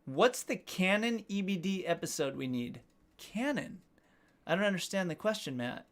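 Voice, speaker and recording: Speaking at a moderate pace in an animated, high voice, a livestream host jokes with his audience over slight background noise. He reads their comments, makes fun of himself, and curses from time to time.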